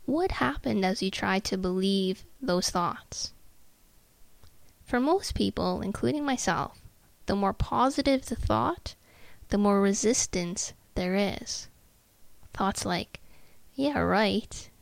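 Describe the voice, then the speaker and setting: Woman, podcast host, calm measured delivery, gravelly fry, dry close sound. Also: medium pitch, dry recording. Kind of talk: calm self-help podcast talk.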